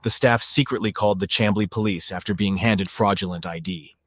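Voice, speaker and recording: A man reading scripted documentary narration in an even, matter-of-fact way. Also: fairly low pitch, brisk, no echo, clean studio sound.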